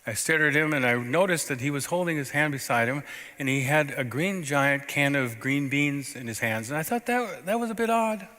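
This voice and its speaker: A man preaching a sermon as a pastor, telling a story in a conversational way with sudden swings between loud and soft. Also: a little high, moderate pace. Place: church sanctuary. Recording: long reverb of a church sanctuary.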